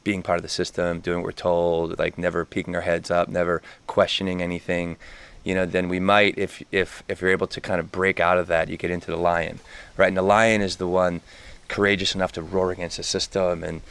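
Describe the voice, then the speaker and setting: A man's voice: low voice, little pitch movement, a little fast, creaky, fairly bright tone, smooth. A man co-hosting a podcast, reflecting in casual conversation, thoughtful and searching for words with lots of "like.". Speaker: podcast co-host. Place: retreat center in Costa Rica.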